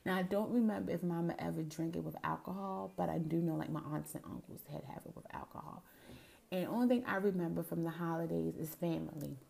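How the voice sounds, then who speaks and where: A woman talks through family memories in a loose, rambling monologue, circling back and correcting herself as she goes. Her voice sits low and carries a heavy gravelly fry. The tone is mellow and dark. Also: fast. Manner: warm, rambling reminiscing with self-corrections. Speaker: host. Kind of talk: personal storytelling monologue.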